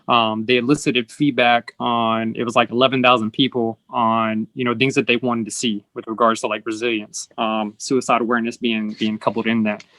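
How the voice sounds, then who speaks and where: A man's voice: mid-range voice, flat delivery, a little fast, hardly any pauses, bright, forceful tone, no room sound. A man hosting an interview, explaining earnestly and acting out the lines people say. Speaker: host. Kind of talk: casual conversational interview.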